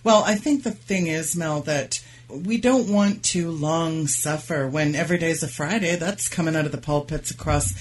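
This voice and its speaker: A woman's voice: sits low, moderate pace, few pauses, slight background noise. A woman hosting a faith talk show, speaking in an affirming way and ending points with tag questions. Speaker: show host.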